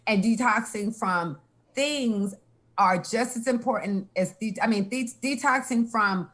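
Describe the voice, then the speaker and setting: A woman's voice: a little high, measured pace, fairly bright tone. A woman giving frank, emphatic health advice in casual chat, laughing now and then. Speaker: health guest.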